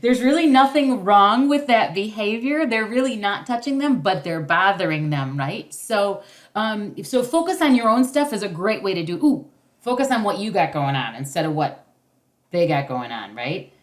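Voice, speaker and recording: A woman's voice: medium pitch, expressive, moderate pace. Woman, parenting-class facilitator; encouraging, loose delivery with fillers, video-call sound.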